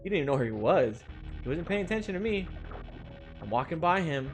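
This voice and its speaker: A man's voice: fairly high pitch, sing-song, fairly quick. Rambling young man telling a story. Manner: rambling, with many "like" fillers and chuckles. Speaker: game streamer. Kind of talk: casual storytelling while playing a game. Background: game music.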